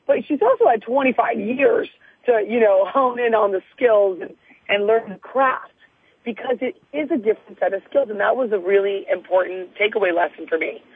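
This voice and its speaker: A woman guest with a raspy morning voice, talking in a chatty, effusive way during a phone interview. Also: medium pitch, moderate pace, no room sound. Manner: chatty, effusive, laughs often. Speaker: guest, TV news reporter. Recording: tinny phone line, dry.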